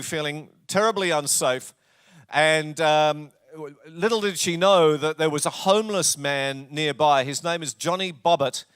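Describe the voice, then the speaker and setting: Australian pastor preaching with a clear voice. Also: male voice, a little high, no room sound, clean studio sound. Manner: jokey, storytelling, warm asides. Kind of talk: sermon. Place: church.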